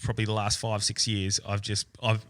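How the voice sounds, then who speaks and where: A podcast host chatting casually, rambling with frequent restarts and casual swearing. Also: male voice, lowish voice, monotone, a little fast, fairly bright tone, slight background noise. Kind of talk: casual chat.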